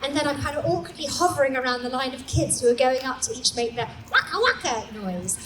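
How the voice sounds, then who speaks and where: A woman in her forties tells comic stories live on a small stage, animated and self-mocking. Her voice sits high, and the room echoes with steady noise behind her. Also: fairly quick, recorded from a distance. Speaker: storyteller. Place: small comedy venue, indoors.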